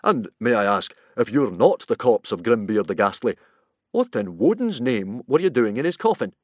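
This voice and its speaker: A booming, blustering Viking chief from a children's story, voiced by a man reading aloud. He speaks in a hearty, chest-out manner, louder than the narration. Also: big pitch swings, normal speed, no room sound, highs cut off.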